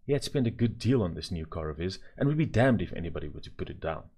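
A man narrating a children's story in a measured, gently expressive way. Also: low voice, husky.

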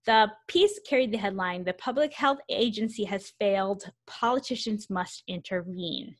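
A woman's voice: mid-range voice, normal speed, few pauses. Woman podcast co-host, conversational, reads quotes with asides. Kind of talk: casual podcast chat reading news.

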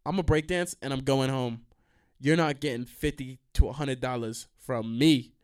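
A young man hosting a podcast, telling stories in a casual, rambling way, swearing freely and breaking into quick asides and restarts. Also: mid-range voice, smooth. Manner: animated, profane, trails into quick asides and restarts. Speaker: podcast host.

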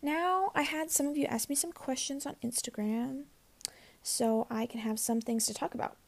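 Twenty-something girl rambling on her podcast, bit of vocal fry, high-ish voice. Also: moderate pace. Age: 20s. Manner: bubbly, chatty, rambling with many fillers. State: out of breath. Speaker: podcast host. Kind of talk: casual solo podcast chat.

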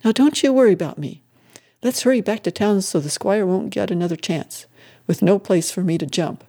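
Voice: fairly quick, mellow, lightly acted. A reader putting on a chirpy, triumphant country widow. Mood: cheery. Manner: chirpy, triumphant, raised pitch. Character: cheerful plucky country widow.

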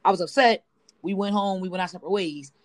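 A woman's voice: medium pitch, fast, dry recording. A woman co-hosting a casual podcast chat, telling a personal story with lots of fillers and AAVE speech. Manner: storytelling, rambling with many fillers. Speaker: podcast co-host.

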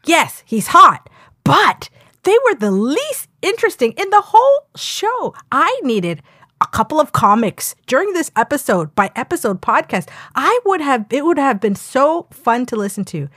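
Woman co-host, lively pitch swings, dry close recording, playful reader. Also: moderate pace, no echo. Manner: lively, reads comments with playful emphasis. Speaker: podcast co-host. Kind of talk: casual chat.

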